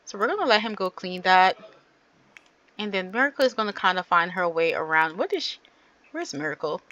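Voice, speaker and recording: A woman's voice: on the low side, animated, brisk, bright, forceful tone, no echo. A woman giving casual, chatty gameplay commentary and talking straight to her viewers. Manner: chatty, addresses viewers directly. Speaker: gaming channel host.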